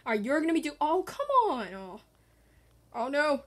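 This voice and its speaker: A woman hosting a gaming video, excitedly reacting to a match and chatting in voices for her stuffed animals. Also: high voice, normal speed, pauses often. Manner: excitable, squealing and groaning at the game. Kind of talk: playful game commentary with toy voices.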